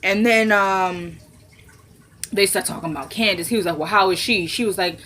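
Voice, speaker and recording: A woman casually recapping a TV episode for her viewers, acting out the characters' lines in quick voices, laughing and dropping into low asides. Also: slight background noise. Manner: animated, laughs and squeals when amused.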